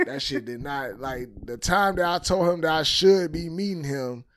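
A man co-hosts a casual podcast chat, spinning stories in a laid-back way and laughing a lot. His voice is on the high side, a bit bright, and animated at a normal speed.

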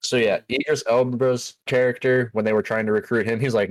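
A man's voice: medium pitch, fairly even intonation, fairly quick, few pauses, dry recording. A man co-hosting a casual podcast, retelling a movie plot scene by scene with quoted lines and casual swearing. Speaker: co-host.

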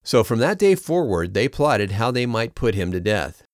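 A man reading a Bible chapter aloud in a steady way, raising his voice a little for quoted speech. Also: fairly low pitch, moderate pace, no echo, studio quality. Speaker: scripture reader.

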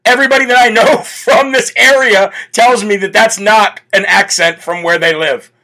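Brash high-voiced male talk host. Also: steady tone, moderate pace, bright, forceful tone. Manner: brash, mocking, fires rhetorical questions. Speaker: political talk show host. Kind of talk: opinionated live commentary.

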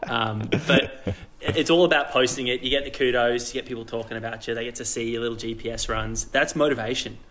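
A man's voice: medium pitch, fairly even intonation, brisk, fairly bright tone. A man co-hosting a podcast, joking and self-mocking, laughing often. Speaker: podcast co-host. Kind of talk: casual banter.

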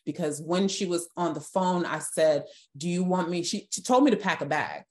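A woman's voice: on the low side, expressive, moderate pace, a little mellow. A young adult woman giving a personal testimony as a guest on an interview podcast, earnest and emotional, with many restarts.

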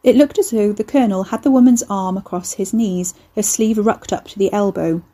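A woman reading a horror novel aloud in a measured, intimate narration. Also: medium pitch, warm tone. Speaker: audiobook narrator.

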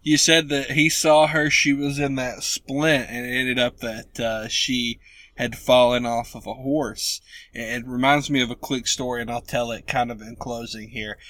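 A man co-hosting a podcast, joking around in casual banter and quick with quips. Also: medium pitch, level tone, fairly bright tone, no room sound. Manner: jokey, quick with quips and laughter.

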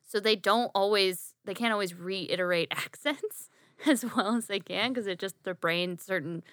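Woman, podcast co-host, bright clear voice, dry close sound, casual laughing chat. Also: mid-range voice, normal speed, no echo. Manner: chatty, laughing, talks over others.

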